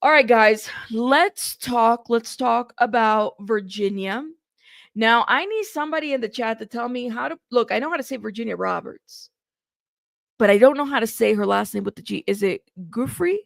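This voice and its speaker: A woman's voice: fairly high pitch, moderate pace, vocal fry, dry recording, clean studio sound. A woman hosting a news livestream in casual chat, talking straight to her viewers and laughing at herself.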